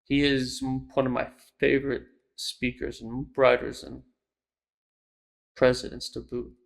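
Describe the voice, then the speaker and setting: Young male host, unhurried delivery with a gravelly edge, breaks down ideas thoughtfully. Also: mid-range voice, completely flat delivery. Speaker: host of a speech lecture series. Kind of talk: casual spoken commentary.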